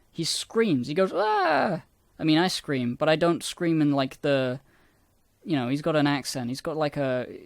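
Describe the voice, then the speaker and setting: A man casually rambling about his own old videos, self-deprecating and swearing often, with a somewhat squeaky voice. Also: no room sound.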